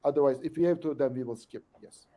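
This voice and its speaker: A man presenting a demo on a video call, speaking haltingly with many fillers. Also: medium pitch, highs cut off. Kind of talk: technical discussion.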